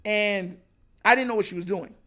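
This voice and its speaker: A man hosting his own podcast, telling a story casually and acting out excited moments. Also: high voice, normal speed. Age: adult. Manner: animated, retells others' lines with raised excited voice. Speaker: podcast host.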